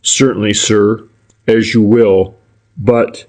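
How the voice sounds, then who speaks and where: A sly, furtive private detective, polite and deferential to a fault, who circles his point instead of making it, as a male audiobook narrator reads him. His voice sits low. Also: steady tone, slow pace, a little mellow. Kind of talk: audiobook character reading.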